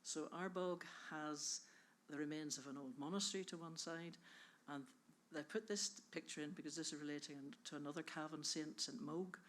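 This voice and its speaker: A woman's voice: low-pitched, steady tone, normal speed, hardly any pauses, a bit bright, slight background noise. Chatty Irish woman presenting at a conference. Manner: chatty, enthusiastic, self-interrupting. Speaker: conservation project speaker. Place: conference hall.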